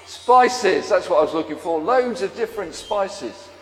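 A man with a high voice talks casually to a congregation at a harvest service. He keeps asking them questions. His voice carries with the long reverb of a large church hall. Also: animated, measured pace. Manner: chatty, asks the congregation questions. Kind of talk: interactive talk to a congregation.

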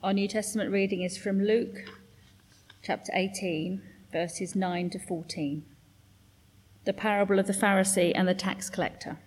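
A woman reads scripture aloud in a measured, formal way, with a mid-range voice. Her reading echoes through a church with long reverb. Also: mid-range voice, steady tone, a little mellow, breathy edge. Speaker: scripture reader.

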